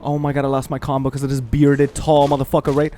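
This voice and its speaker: A man's voice: mid-range voice, monotone, fast talker, dark tone, slight background noise. A young man telling a long personal story while playing a game, rambling, heartfelt and full of swearing and fillers. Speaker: gaming channel host. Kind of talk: storytelling over gameplay.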